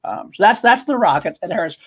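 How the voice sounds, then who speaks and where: Fast-talking husky man, animated. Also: high-pitched. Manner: animated, laughs often, many restarts. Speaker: co-host of a movie podcast. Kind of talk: casual movie chat.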